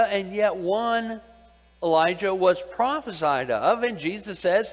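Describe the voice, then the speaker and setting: A man teaching a Bible sermon, pausing often to ask his listeners questions and repeating his key points. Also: sits high, lively intonation. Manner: deliberate, asks the audience questions and repeats key phrases. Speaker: preacher. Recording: long hall reverb.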